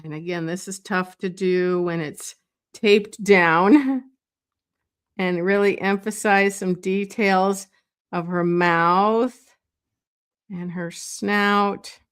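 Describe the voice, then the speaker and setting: A woman slowly talks through a drawing as she makes it, in an unhurried, unpolished way. She muses aloud, restarts sentences and adds small asides to her viewers. The tone is easygoing, like a teacher sketching beside you. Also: mid-range voice, clear, resonant tone. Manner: thinks aloud while drawing, meandering and self-correcting; relaxed and chatty, with light laughs. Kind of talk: live drawing demonstration.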